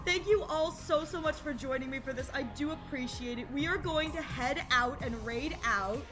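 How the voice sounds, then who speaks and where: A woman's voice: high voice, moderate pace, music in the background. A woman streamer chatting casually on a live game stream, gushing and emotional and often repeating herself.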